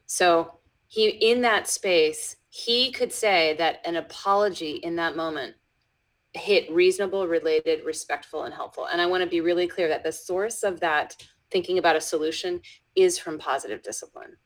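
A woman educator appearing as a guest in a conversational interview tells a story with frequent restarts, dropping into soft whispers whenever she quotes someone. Her voice is on the low side at a normal speed, and the recording is rough.

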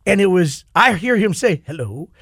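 Gravelly higher-voiced man telling stories. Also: fairly quick, no room sound, clean studio sound. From Minnesota. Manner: animated storyteller, acts out quotes. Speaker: podcast host. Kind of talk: casual chat.

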